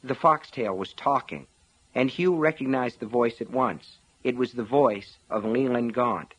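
A man's voice: medium pitch, unhurried, slightly rough. Man narrating an audiobook. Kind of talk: scripted narration.

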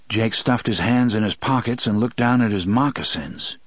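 Man narrating an audiobook, husky voice, dry close sound, even and steady. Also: on the low side, dry recording. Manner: steady, measured storytelling. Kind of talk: scripted narration.

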